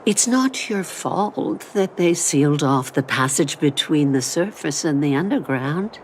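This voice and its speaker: An actress voicing a gentle, reassuring elderly mother in a game cutscene, speaking softly and slowly. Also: low-pitched, animated, a little hiss or hum. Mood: tender, reassuring. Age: older. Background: game score music.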